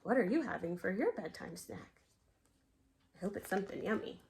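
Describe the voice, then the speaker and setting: A woman reading a picture book aloud as a bedtime story, expressive and sing-song, pausing to ask the children questions. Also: mid-range voice, vocal fry, background noise.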